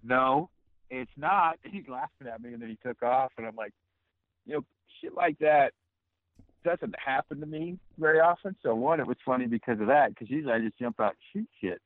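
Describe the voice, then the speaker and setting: A man's voice: mid-range voice, brisk, no echo. A man talking as a podcast guest over the phone, loose and rambling, swearing freely and filling with "you know" and "um". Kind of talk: casual phone chat. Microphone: phone call. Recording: tinny dry phone line.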